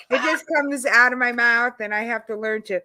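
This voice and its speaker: A woman with a New York accent, telling stories in a casual chat, her voice rising as she gets excited. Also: fairly high pitch, moderate pace, a loud crowd. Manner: animated storytelling, voice rises when excited. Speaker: guest.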